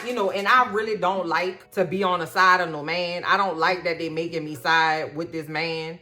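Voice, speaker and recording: A woman doing a casual, comedic TV episode recap in a sassy, animated way, full of slang and playful asides. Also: fairly low pitch. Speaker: TV recap host.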